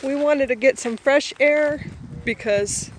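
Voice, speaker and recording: A chatty woman from Ohio films herself walking through a park, rambling and laughing between thoughts. She is slightly out of breath as she walks quickly with a handheld phone. Steady wind and outdoor noise wash across the recording. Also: high voice. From Boardman, Ohio. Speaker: vlogger. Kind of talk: casual walking vlog. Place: outdoor park, windy day. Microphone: handheld phone camera while walking.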